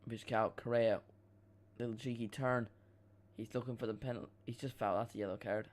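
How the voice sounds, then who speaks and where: A man's voice: medium pitch, fairly even intonation, brisk. A young man giving casual live commentary on a football match as a watchalong streamer, chatty, with swearing and self-mocking asides.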